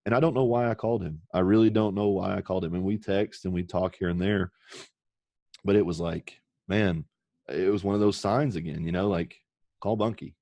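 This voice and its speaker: Podcast guest, male, very low voice, earnest and emotional storyteller, dry close mic. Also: steady tone, a little fast, vocal fry, mellow, no echo. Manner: earnest, emotional, swears casually.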